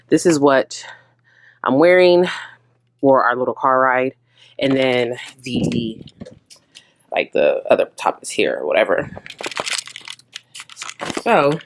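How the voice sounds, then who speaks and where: A woman's voice: extremely low pitch, sing-song, measured pace, gravelly, pauses often, slight background noise. A young woman chatting casually to camera in a vlog, rambling and laughing often. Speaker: beauty vlogger.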